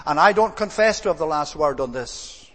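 Male preacher, slightly high voice, earnest and measured, church hall reverb. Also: lively intonation, fairly bright tone. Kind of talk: sermon.

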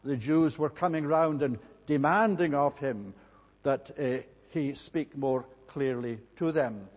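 A man preaching a sermon in a measured, emphatic way, pausing often with "uh" as he builds his points. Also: medium pitch, a little mellow, long reverb tail.

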